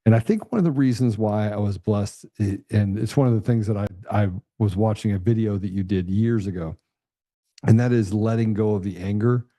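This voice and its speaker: A man hosting a talk, speaking earnestly and haltingly, with frequent restarts. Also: lowish voice, dark tone, dry recording, clean studio sound. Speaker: host. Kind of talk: casual interview chat.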